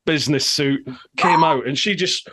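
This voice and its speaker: A Scottish man hosting a podcast, chatting casually and telling lively anecdotes with frequent laughter. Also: fairly high pitch, moderate pace. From Scotland. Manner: animated storyteller, laughs often. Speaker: podcast host. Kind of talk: casual chat.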